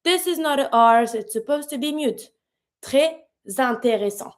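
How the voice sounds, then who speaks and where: A woman, a native French speaker, teaching a pronunciation lesson in English, repeating example words slowly and patiently. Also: high-pitched. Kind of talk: language lesson explaining pronunciation.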